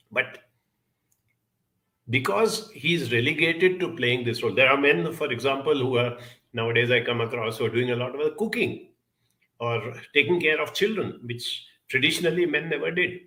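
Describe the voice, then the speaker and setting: A man's voice: medium pitch, sharp tone. A man speaking as a guest on a program, telling a childhood story in an earnest, reflective way with rhetorical questions.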